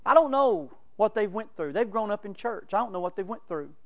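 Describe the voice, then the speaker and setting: A man's voice: sits high, expressive, fairly quick. A man preaching a sermon, telling folksy stories and laughing between them. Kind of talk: sermon with storytelling.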